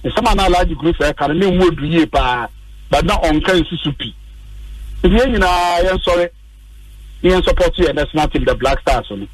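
Husky Ghanaian man rallying on radio. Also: fairly high pitch, moderate pace, dry recording, far from the mic, rough recording. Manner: passionate, rallying and urging. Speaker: radio sports pundit. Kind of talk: opinionated radio commentary. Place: radio studio.

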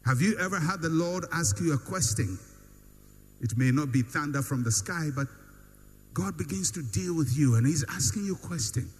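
A man's voice: fairly high pitch, lively intonation, normal speed. A man preaching a sermon, with emphatic, repetitive build-ups and rhetorical questions. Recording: long hall reverb with faint hum.

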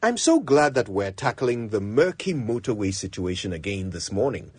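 Lively Ghanaian man teaching English usage. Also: fairly low pitch, moderate pace, hardly any pauses, breathy edge, no echo. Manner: lively, emphatic teacherly delivery. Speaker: language tip presenter. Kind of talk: scripted language lesson.

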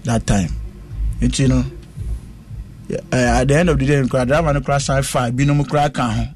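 A man sits for an interview and recounts a hard personal ordeal. He tells it slowly and earnestly at a middle pitch. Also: steady tone, a little mellow, slight background noise. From West Africa.

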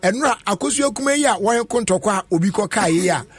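A man's voice: high voice, animated, quick pace. A man with a Ghanaian accent hosting a casual radio chat, laughing often and mixing two languages. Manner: chatty, laughs often, mixes Twi and English. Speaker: radio host.

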